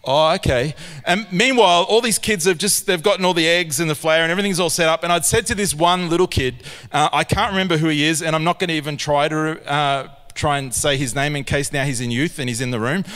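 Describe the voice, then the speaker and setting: Lively Australian pastor in reverberant church. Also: male voice, on the high side, fast, hardly any pauses. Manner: lively storyteller who acts out scenes. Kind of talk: sermon with storytelling. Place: large church auditorium. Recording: long church hall reverb.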